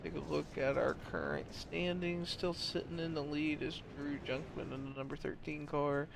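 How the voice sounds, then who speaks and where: A man's voice: on the high side, animated, normal speed, creaky, background noise. A man giving casual play-by-play commentary on a sim race, tired and losing his voice, with apologetic asides between calls.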